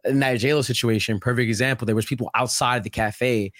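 A young man from Brooklyn, rambling in a casual podcast chat, full of "like" and quick asides. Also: medium pitch, no room sound, clean studio sound. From Brooklyn, New York. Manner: rambling, animated, heavy on filler "like".

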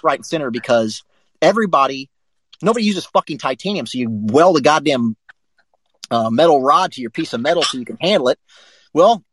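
A man co-hosting a live sports talk show, telling a rambling, profane story in a casual, animated way. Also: fairly high pitch, husky, dry recording, rough recording.

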